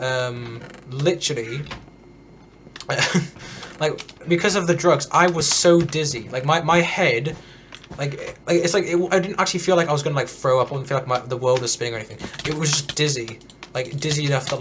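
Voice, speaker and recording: A man's voice: a little high, normal speed, fairly bright tone, slight background noise. A teenage boy, telling a story in a rambling, casual way while streaming a game. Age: teens. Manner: rambling, many restarts and fillers. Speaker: gaming streamer.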